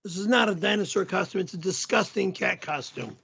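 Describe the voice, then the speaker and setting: A middle-aged man hosting a livestream, shouting and cursing in an explosive, profane rant. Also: high voice, lively intonation, brisk, vocal fry, husky, highs cut off. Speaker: show host.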